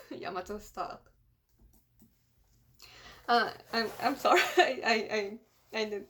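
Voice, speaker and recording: Female reactor, emotional and exclaiming, slow-paced casual commentary. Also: a little high, bright, forceful tone. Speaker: anime reactor.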